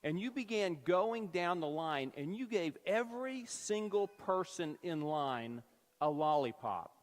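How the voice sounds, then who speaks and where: A man preaching a sermon, telling a story with lively acted-out quotes. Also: high voice, unhurried. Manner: animated storyteller acting out quoted voices. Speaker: pastor. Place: church sanctuary. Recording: long church-hall reverb.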